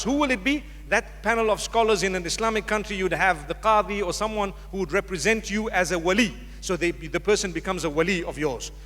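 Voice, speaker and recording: A man's voice: high voice, a bit bright. A man giving a public religious lecture to a live audience, speaking directly and with humor. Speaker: Islamic preacher. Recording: long hall reverb from a lecture hall.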